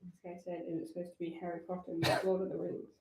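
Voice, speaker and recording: A man quietly reading out viewer comments in an offhand, muttered way. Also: high voice, completely flat delivery, racing, gravelly, echoey room, very noisy. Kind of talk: reading comments aloud under his breath.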